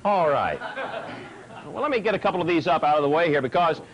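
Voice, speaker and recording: A man's voice: a little high, expressive, fast talker, lo-fi sound, a faint crowd, slight background noise. A man hosting a parody talk show in a hammy, folksy way, stumbling over his words.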